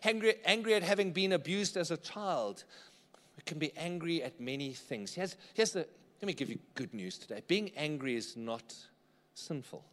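A man's voice: fairly high pitch, animated, moderate pace, fairly bright tone, big-room sound. A man preaching a sermon in church, conversational and often checking in with the congregation. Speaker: pastor.

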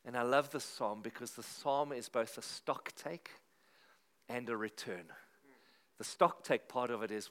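A middle-aged pastor, preaching a sermon. His delivery is conversational and lively, and he drives his points home through emphatic repetition. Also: mid-range voice, moderate pace.

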